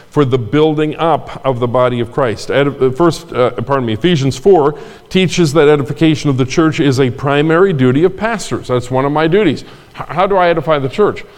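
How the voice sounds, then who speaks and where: An older man, a pastor, delivering a sermon in a conversational way, with asides and repeated phrases. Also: mid-range voice. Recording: long hall reverb.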